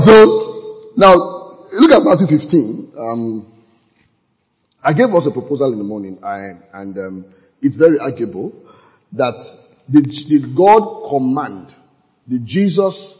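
Lively preacher man in a reverberant hall. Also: medium pitch, a little slow. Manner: lively, laughing often, quotes scripture. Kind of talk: sermon and Bible teaching.

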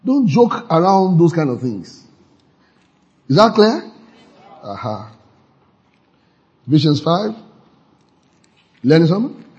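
A man preaching a sermon, acting out quotes in high voices and leading the congregation in declarations. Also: big pitch swings, measured pace, pauses often, a little mellow. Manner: leads congregation in call-and-response declarations. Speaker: pastor.

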